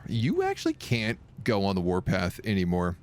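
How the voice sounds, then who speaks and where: A man's voice: low-pitched, huge pitch swings, moderate pace, slight background noise. A man casually commenting on a strategy game he is streaming live, talking to his units and making playful sound effects.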